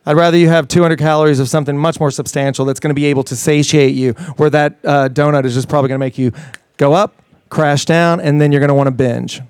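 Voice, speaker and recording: A man's voice: fairly high pitch, steady tone, fast, darkish tone, clear, resonant tone, dry recording, clean studio sound. A man talking at a live interview, enthusiastic and rambling, with frequent restarts and fillers. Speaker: fitness trainer guest. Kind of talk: casual interview talk.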